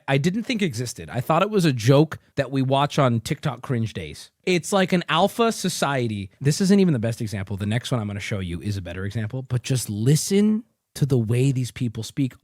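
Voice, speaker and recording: A man's voice: mid-range voice, big pitch swings, a little fast, a little mellow, no echo, clean studio sound. A man hosting a stream, giving crude, joking reaction commentary. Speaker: streamer host.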